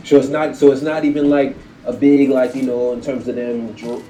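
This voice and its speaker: Echoey, animated man talking sports. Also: medium pitch, normal speed, faint music behind. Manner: animated and profane, laughs at his own points. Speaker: podcast co-host. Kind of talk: casual sports chat. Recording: echoey room.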